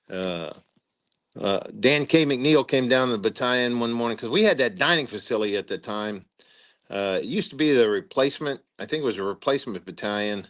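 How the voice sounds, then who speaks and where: Older male, retired officer, casual storyteller, middle pitch, filler-heavy, acts out the quotes. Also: a bit bright. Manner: rambling anecdotes with acted-out quotes and many "uh" fillers. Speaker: retired brigadier general telling war stories.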